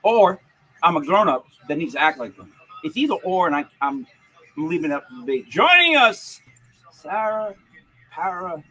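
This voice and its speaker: A man's voice: a little high, lively intonation, fairly quick, fairly bright tone, husky, low-quality recording. A man hosting a podcast in a rambling, joking manner, full of restarts. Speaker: podcast host. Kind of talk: casual podcast chat.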